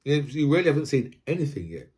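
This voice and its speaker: A man's voice: a little high, very animated, quick pace, darkish tone. A man from Britain, ranting casually about politics, rambling, repeating himself and asking "right?" again and again. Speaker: political commentator.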